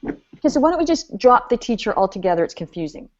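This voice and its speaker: A woman business coach running an online seminar, animated and chatty, laughing often as she talks. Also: fairly high pitch, fast. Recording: slightly dull lo-fi audio.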